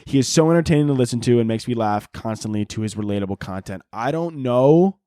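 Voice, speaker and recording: A man's voice: medium pitch, animated, fast, dark tone, dry recording, studio quality. A young man from the Chicago area hosting his own podcast, ranting crudely and jokingly with lots of fillers. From Chicago area, United States. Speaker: podcast host. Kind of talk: casual solo podcast rant.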